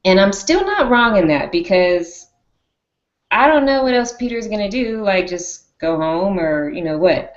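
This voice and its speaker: A woman hosting a casual live-stream discussion on a video call, animated and acting out lines. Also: low voice, reverberant, lo-fi sound. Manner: animated, acts out characters' lines. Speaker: show host.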